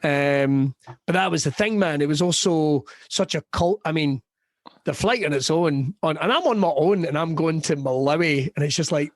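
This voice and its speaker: A man with a West of Scotland accent, a comedian chatting as a podcast guest, telling lively stories and acting out the people in them. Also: a little high, normal speed, no echo, studio quality. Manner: lively storyteller who acts out quoted voices and laughs often. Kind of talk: casual podcast chat.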